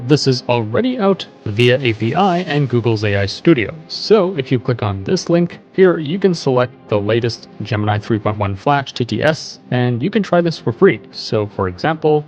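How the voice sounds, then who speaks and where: A man's voice: mid-range voice, lively intonation, moderate pace, few pauses, a little mellow, faint music behind, poor audio. A man hosting a tech news show, explaining a web page in a conversational way as he scrolls. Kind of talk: casual screen-share news commentary.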